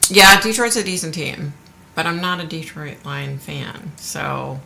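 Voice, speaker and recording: A woman's voice: sits low, expressive, a little slow, vocal fry, bright, forceful tone. A woman hosting a live stream from home, chatting frankly with viewers and swearing casually. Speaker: livestream host.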